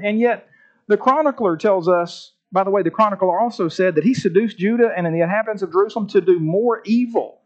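A man preaching a sermon, with emphatic, drawn-out phrases and repeated words. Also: high-pitched, highs cut off. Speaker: pastor.

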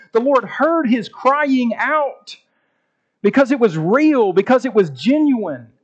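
A man preaches a sermon in a high, ringing voice, stretching out key words for emphasis. The recording sounds dull and lo-fi. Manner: preaching with emphatic, drawn-out phrases and repeated words. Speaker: pastor.

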